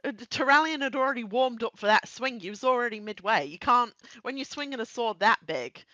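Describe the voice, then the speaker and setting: A woman talking casually on a podcast, her voice swooping up and down as she gets fired up. Her tone is bright and forward, and she laughs easily and swears freely. The sound is dry and close to the mic. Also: on the high side, no room sound, highs cut off. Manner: animated, quick to laugh and swear. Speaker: podcast co-host. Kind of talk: casual chat.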